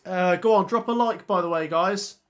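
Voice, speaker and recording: A man's voice: high voice, moderate pace, a bit bright. A young man hosting a casual live stream, thinking aloud about football fixtures and reading out viewer comments. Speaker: football channel host.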